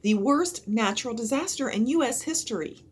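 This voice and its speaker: A woman's voice: a little high, expressive, normal speed, slight background noise, voice pushed up, close to an everyday voice. A woman voicing an earnest young girl who urgently warns people of danger. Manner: urgent, pleading.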